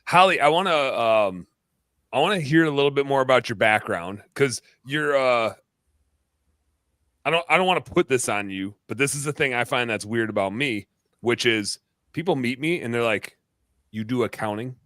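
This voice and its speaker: A man in his thirties from Wisconsin, hosting a podcast in a rambling, animated chat. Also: mid-range voice, moderate pace, dry recording, clean studio sound. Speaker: podcast host. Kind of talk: casual chat.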